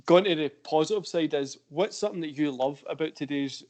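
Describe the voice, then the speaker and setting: A man's voice: fairly high pitch, a little fast, a little mellow. A man with a Scottish accent, hosting a wrestling chat show, laid-back and rambling as he tells stories. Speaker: podcast host. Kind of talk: casual chat.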